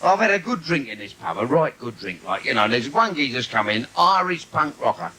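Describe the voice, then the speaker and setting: A man's voice: mid-range voice, sing-song, a little fast, pushed and bright. A man with a London accent doing brash, cheeky stand-up on a theatre stage, teasing the crowd, recorded live in a noisy theatre. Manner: brash, cheeky patter with audience asides. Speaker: stand-up comedian. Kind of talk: live bawdy stand-up routine.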